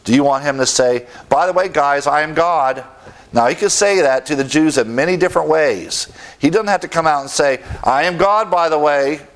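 A middle-aged male preacher delivering a sermon, emphatic and rising in pitch when he presses a point. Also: gravelly.

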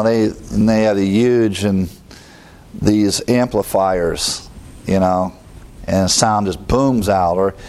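A man teaching a Bible study verse by verse, with asides and quick jokes. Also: medium pitch, darkish tone.

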